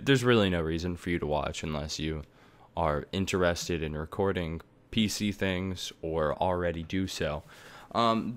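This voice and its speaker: A man's voice: on the low side, a bit bright. A young man giving a casual, rambling tutorial on recording setups, full of fillers and offhand asides, recorded on a desktop microphone at home. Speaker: tech tutorial maker. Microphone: desktop USB microphone.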